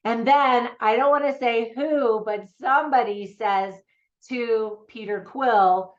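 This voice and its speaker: A woman's voice: fairly high pitch, a little slow, highs cut off. A woman giving a casual, chatty movie review for parents, often laughing.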